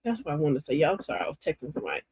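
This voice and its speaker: A woman's voice: low-pitched, wildly swooping pitch, rapid-fire, creaky, a little mellow, husky, no room sound. An older woman hosting a live stream, giving a folksy, preachy, uplifting talk straight to her chat viewers.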